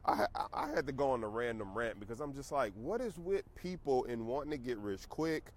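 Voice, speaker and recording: A man's voice: medium pitch, expressive, a little fast. A middle-aged man, a stock trading teacher, ranting casually and emphatically to his viewers. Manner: emphatic, preachy, conversational. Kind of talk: casual rant to camera.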